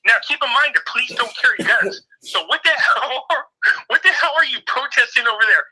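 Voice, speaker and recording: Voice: high-pitched, animated, a little fast, pushed and bright, breathy edge, poor audio. An older co-host in casual political chat, opinionated and mocking the people being quoted.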